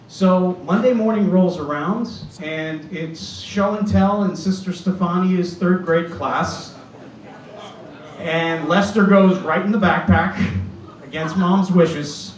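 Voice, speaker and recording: A man tells an animated stand-up story in a fairly high voice. The club room rings with echo, and he sounds a little far from the mic, with faint noise underneath. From Boston. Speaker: stand-up comedian. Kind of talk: stand-up set. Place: comedy club stage with live audience. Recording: roomy club recorded from afar.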